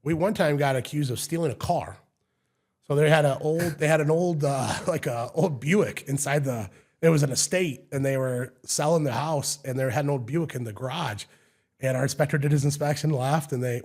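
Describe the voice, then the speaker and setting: A man telling stories in a relaxed, chatty way, guesting on a podcast as a home inspector. He gets animated and acts out the voices of people he met on the job. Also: medium pitch, moderate pace. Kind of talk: casual storytelling.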